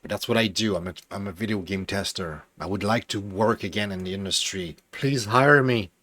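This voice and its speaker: This tired game streamer has a deep, fairly bright voice with a breathy edge, talking fairly quickly with fairly even intonation. In casual live-stream commentary he chats to viewers, often mutters to himself, and breaks into bursts of sweary frustration. The recording is dry.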